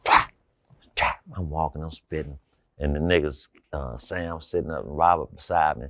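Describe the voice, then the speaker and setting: A man's voice: extremely low pitch, normal speed, fairly bright tone. A man, a former basketball player, telling a profane, casual anecdote, cursing freely and acting out voices.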